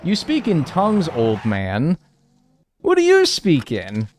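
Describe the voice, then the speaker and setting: Here the young man's voice runs on the high side with huge pitch swings, a slow pace, and a darkish tone. Still in his twenties, he games while chatting with viewers and reading chat, swearing freely and rambling until his words fade into mumbles.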